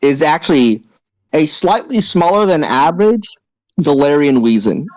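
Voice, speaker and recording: Casual game master guy, kinda high voice, dry close mic. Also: expressive, darkish tone, no echo, low-quality recording. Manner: casual, swears, talks fast. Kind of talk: narrating a tabletop game.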